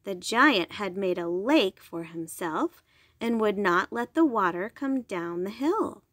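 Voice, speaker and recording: A woman reading a bedtime story aloud, slowly and gently. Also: mid-range voice, animated, no room sound, studio quality. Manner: slow, gentle, clear.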